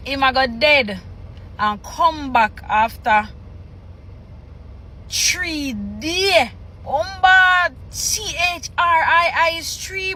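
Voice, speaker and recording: Woman reaction host, high voice, slow halting read-aloud that stops to spell out words. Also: sharp tone, a little hiss or hum. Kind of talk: reading scripture aloud with reactions.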